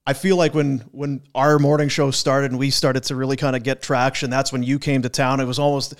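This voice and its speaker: A man's voice: medium pitch, little pitch movement, fairly quick. A man co-hosting a sports radio show in a studio, asking questions in a chatty way with many restarts. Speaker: radio co-host. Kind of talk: radio interview.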